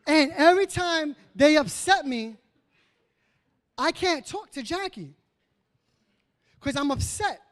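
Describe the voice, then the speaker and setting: High-voiced man preaching conversationally. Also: slow pace, long pauses. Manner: animated, conversational preaching with quoted asides. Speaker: pastor. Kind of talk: sermon.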